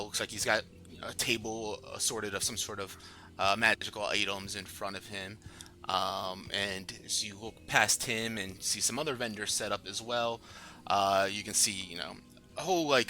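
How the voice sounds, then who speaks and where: A man narrating a tabletop game as game master, halting with lots of fillers. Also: fairly low pitch, bright, forceful tone.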